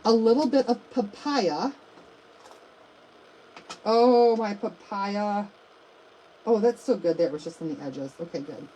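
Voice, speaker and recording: A woman's voice: on the low side, very animated, fairly quick, few pauses, dark tone, a little hiss or hum, low-quality recording. Chatty woman hosting a craft livestream. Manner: chatty, addresses viewers as you guys and y'all. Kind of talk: live craft demonstration.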